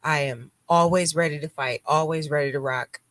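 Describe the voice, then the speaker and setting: A woman's voice: low voice, fairly even intonation, moderate pace, a bit bright. A woman hosting a live radio talk show, chatting bluntly and animatedly, acting out quotes as she tells stories. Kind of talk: casual chat.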